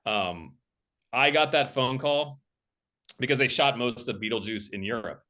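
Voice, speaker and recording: A man's voice: mid-range voice, a little slow, bright, forceful tone. A man, a film director and camera operator, tells stories as a guest in a casual interview and acts out the voices of people he quotes.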